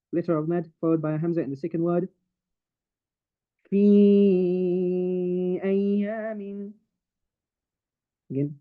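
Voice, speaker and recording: Guy teaching tajweed over a call, kinda high voice, sounds tinny like a phone. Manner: patient, explains step by step, recites verses in Arabic. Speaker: Quran recitation teacher. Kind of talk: online tajweed class.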